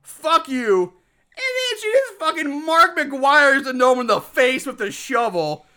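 Podcast co-host, male, high bright voice, yelling profane rant style. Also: expressive, measured pace. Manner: loud, ranting, swears a lot. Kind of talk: profane casual movie recap.

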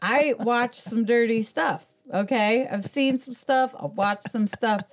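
Woman on a podcast, fairly high voice, tells stories and does everybody's lines, swears a lot. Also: unhurried. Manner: animated storyteller, acts out quotes; swears freely. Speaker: podcast guest. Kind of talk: casual chat. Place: podcast studio.

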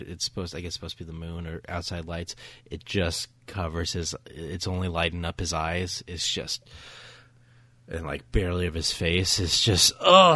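Deep and a bit bright, with no room sound, this podcast co-host chats casually about films. He eagerly recounts a scene, leaning heavily on fillers.

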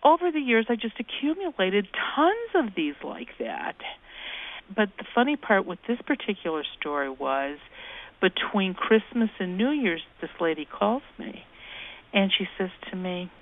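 Over a tinny phone line, a woman guest in an interview swaps folksy ghost anecdotes, acting out the voices she quotes. She's a cookbook author who talks about ghosts, and her medium-pitched voice is very animated yet unhurried.

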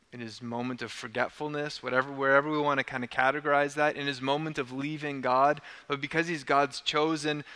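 A man's voice: mid-range voice, sharp tone, clear, resonant tone, big-room sound. A man preaching a sermon as a pastor, conversational and casual, playfully acting out the people in the story. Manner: conversational, acts out quotes casually.

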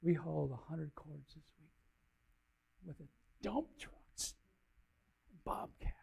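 Older man, gravelly voice, slightly high pitch, folksy rambling sermon, loud then soft. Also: slow. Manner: rambling, folksy, voice swells and drops. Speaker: lay preacher. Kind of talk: informal sermon with personal story.

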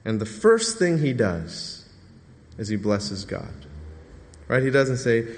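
A man's voice: mid-range voice, very animated, slow pace, a little hiss or hum. A man preaching a Sunday morning sermon in a chatty, conversational way, often tossing out a rhetorical "right?" to his congregation. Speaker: pastor. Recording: reverberant hall.

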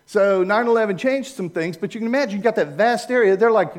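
Lively intonation, a high pitch, and a quick pace mark this older Maryland-accented American man. He's giving an informal slide talk to a church group, chatty and digressive, and keeps asking the audience for agreement.

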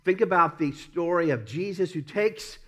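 A man's voice: sits high, moderate pace, fairly bright tone. Southern-accented man preaching a sermon. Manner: earnest preaching with self-deprecating laughs and repeated phrases. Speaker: pastor.

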